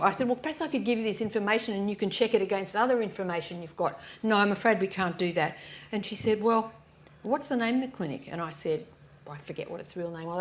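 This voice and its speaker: Brief: woman author, lively storyteller on stage, mid-pitched voice, faint noise behind. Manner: lively anecdotes, acting out voices with frequent restarts. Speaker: author on a festival panel. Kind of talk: storytelling on a live panel. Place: live event stage.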